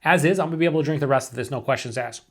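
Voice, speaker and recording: A man's voice: mid-range voice, rapid-fire. A man giving a casual beer review to camera, thinking aloud and rambling with restarts and asides.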